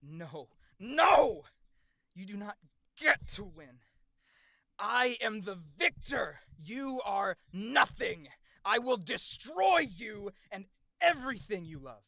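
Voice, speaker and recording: A cackling, triumphant villain taunts a beaten foe with sharp, shouted jeers. The voice is bright and edgy, the lines drawn out slowly, with a dry close recording. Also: mid-range voice, sing-song, no room sound, full character voice. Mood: furious. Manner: taunting, shouting, maniacal laughter. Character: gloating sword-wielding villain, cruel and triumphant. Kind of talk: voice acting audition clip.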